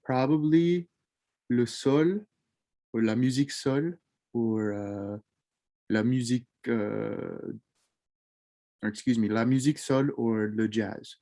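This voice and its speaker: Relaxed man teaching French vocabulary. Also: medium pitch, takes it slowly, pauses often. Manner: relaxed, repeats each French word then glosses it in English; loose delivery with frequent ums and self-corrections. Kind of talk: casual recorded lesson.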